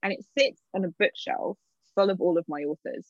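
A woman's voice: lowish voice, brisk, no echo. A woman in an interview, a literary agent telling stories candidly and acting out her own past remarks with lots of laughter. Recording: dull, dry sound.

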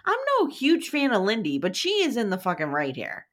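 A woman's voice: mid-range voice, huge pitch swings, brisk. A woman hosting a casual podcast chat, sarcastic and blunt, swearing freely as she recaps a show.

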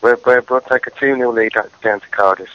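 Fast-talking upbeat male caller. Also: mid-range voice, fairly even intonation, dry recording. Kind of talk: casual phone-in chat. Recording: dull, dry lo-fi recording.

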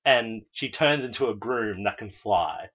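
A man's voice: fairly low pitch, a little slow, a bit bright. A man co-hosting a casual podcast, wryly steering the talk and retelling folk tales, on a dull lo-fi recording. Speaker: podcast co-host. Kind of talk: casual chat, storytelling.

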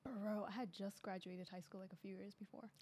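A woman's voice: mid-range voice, fairly even intonation, fairly quick, dark tone, husky, no echo. A young woman hosting a podcast in casual chat, bubbly and laughing often. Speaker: podcast host.

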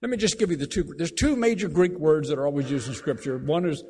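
A man preaching a sermon, emphatic, repeating key phrases and slowing down to read scripture aloud. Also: on the high side, animated, a little mellow, breathy edge. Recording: long reverb of a large hall.

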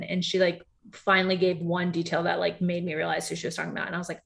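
A woman co-hosting a casual recap chat, talking fast and loosely with many fillers and acted-out quotes. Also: lowish voice, vocal fry. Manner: chatty, filler-heavy, animated quoting. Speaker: podcast co-host.

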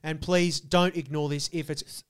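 A man, a podcast co-host telling crude stories in animated, swearing casual chat. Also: fairly high pitch, unhurried, clear, resonant tone.

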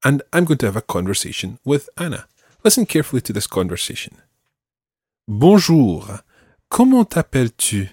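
A man teaching a French lesson, slowly modelling phrases for the listener to repeat. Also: mid-range voice, very animated, breathy edge, no room sound, clean studio sound. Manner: slow, carefully enunciated model phrases. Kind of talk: language lesson.

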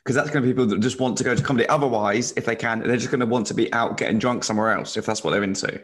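A man's voice: mid-range voice, rapid-fire. A man, a comedian, telling jokey stories in casual podcast chat.

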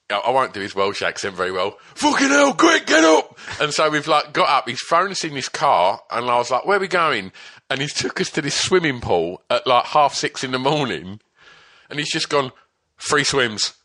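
A man with a bright, lively voice tells a rambling anecdote from his band days. He swears freely and laughs through the telling, and his pitch swings widely as he gets worked up. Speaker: storyteller guest, former band member. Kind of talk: casual anecdote.

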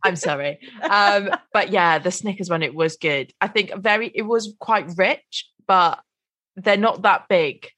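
A woman co-hosting a podcast, talking in a relaxed, conversational way. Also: medium pitch, measured pace, no echo. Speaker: podcast co-host. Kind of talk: casual chat.

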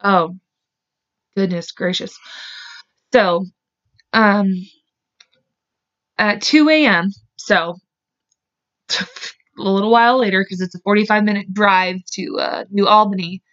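A woman's voice: mid-range voice, slow, long pauses, fairly bright tone. Chatty woman telling a true crime story. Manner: chatty, heavy use of "like" and "um"; openly emotional and blunt. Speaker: true crime podcast host. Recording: slightly dull, lo-fi sound.

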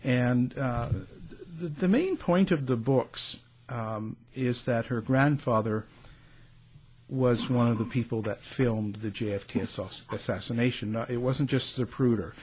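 A man's voice: mid-range voice, a little mellow, husky. A man with a Canadian accent hosting an interview, rambling with plenty of fillers. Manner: rambling, filler-heavy, quick to laugh. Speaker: show host. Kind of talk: casual interview chat.

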